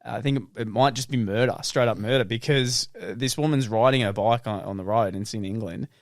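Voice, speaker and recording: A man's voice: medium pitch, fast talker, dry recording, clean studio sound. A young Australian man co-hosting a podcast, telling sweary stories in casual banter and laughing often. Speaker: podcast co-host.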